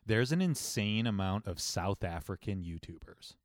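Low-voiced, reflective man chatting on a podcast. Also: normal speed, no room sound, studio quality. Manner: relaxed and reflective, explains his points at length. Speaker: podcast co-host. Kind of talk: casual chat.

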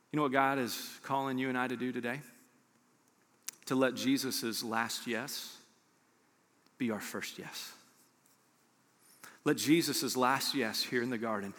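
A man preaching a sermon, talking in a lively, impassioned way that swings from quiet stretches to louder ones. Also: mid-range voice, a little slow, long pauses. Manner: impassioned, builds from hushed to loud. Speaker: pastor. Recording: long hall reverb with soft music behind.

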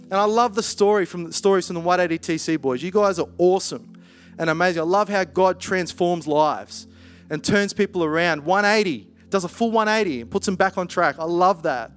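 A man preaching in a relaxed, conversational way, full of playful asides. His voice sits high for a man, and soft music plays faintly underneath. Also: a little fast. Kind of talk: sermon.

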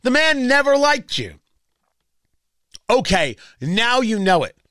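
A man's voice: extremely high pitch, very animated, takes it slowly, pushed and bright, no echo, studio quality. A man hosting a political talk radio show, delivering a sarcastic, mocking monologue full of rhetorical questions. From Indianapolis area.

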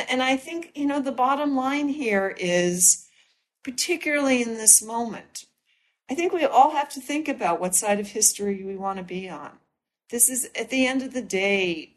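A woman talks as a guest on a podcast, weighing her words in an earnest, thoughtful way. She often breaks off and restarts her sentences. Her voice sits at an ordinary, middle pitch. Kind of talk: casual interview talk.

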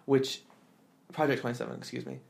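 A man's voice: medium pitch, little pitch movement, fairly quick, gravelly. A man hosting a podcast, telling a story in casual chat, acting out quotes in exaggerated voices with lots of fillers. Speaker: podcast host.

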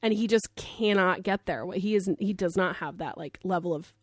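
A woman co-hosting a podcast, recapping a show in animated casual chat, swearing freely and acting out the characters' lines. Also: lowish voice, moderate pace, no room sound, clean studio sound. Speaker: podcast co-host.

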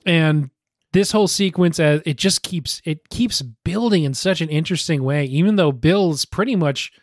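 A man's voice: a little high, normal speed, no echo, studio quality. A man in a casual film discussion, enthusiastic and laughing often.

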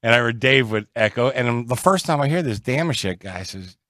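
A man's voice: mid-range voice, a little fast, no room sound. Middle-aged guy from pittsburgh way, laid back storyteller, dry close sound. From Pittsburgh area. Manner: relaxed, chuckling storyteller. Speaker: guest. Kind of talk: casual chat.

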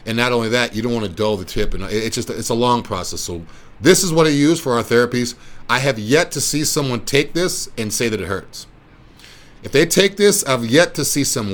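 A man in mid-range pitch gives a casual, rambling pitch, circling back and repeating himself as he pushes his point. His delivery sounds unscripted and conversational, as if he is talking with clients and not giving a speech. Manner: rambling, repetitive, persuasive. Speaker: wellness clinic presenter. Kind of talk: casual explanatory talk.

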